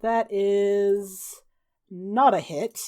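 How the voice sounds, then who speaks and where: A woman running a tabletop game as game master, narrating and calling the rules briskly with offhand fillers. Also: mid-range voice, fairly even intonation, mellow.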